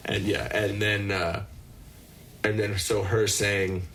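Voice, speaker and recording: Male podcast co-host, lowish voice, excitable and profane, faint hiss behind. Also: takes it slowly. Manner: excitable, swears a lot, acts out movie lines. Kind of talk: casual chat.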